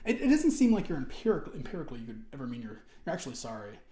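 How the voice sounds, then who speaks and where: Crowd noise sits behind this man's rapid-fire, mid-range voice, which swings hugely in pitch. He reads forum posts out and responds with a rambling, outraged rant full of restarted sentences and frequent swearing, recorded with a roomy echo.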